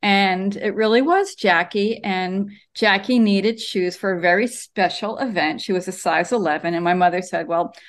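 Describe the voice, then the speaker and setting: A woman's voice: medium pitch, normal speed, few pauses. A woman cartoonist, a guest in an interview, telling her story with lots of ums over a video call from her home studio. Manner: animated storyteller, many ums.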